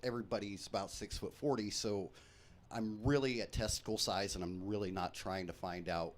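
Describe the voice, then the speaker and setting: A man hosting a live stream, telling comic stories from his life in a profane, animated way. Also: on the low side. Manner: profane, animated, quick jokes. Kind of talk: comedic storytelling.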